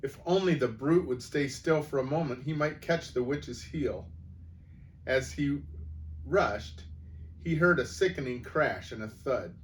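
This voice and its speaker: A man reading a children's book aloud as a storyteller, relaxed, sometimes correcting himself. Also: mid-range voice. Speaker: storyteller at a church. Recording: distant mic with faint background noise.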